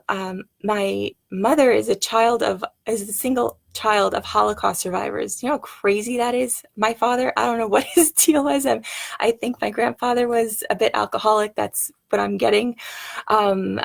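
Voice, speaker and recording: A woman's voice: medium pitch, fairly even intonation, moderate pace, creaky. A middle-aged woman talking to the camera in a rambling, heartfelt personal monologue, full of fillers, restarts and wondering questions. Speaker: vlogger.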